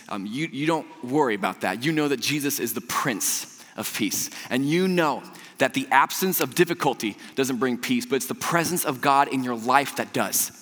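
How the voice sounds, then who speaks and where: Impassioned male preacher in a reverberant hall. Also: medium pitch. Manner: impassioned, swinging from loud emphatic lines to hushed ones. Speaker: pastor. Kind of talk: sermon.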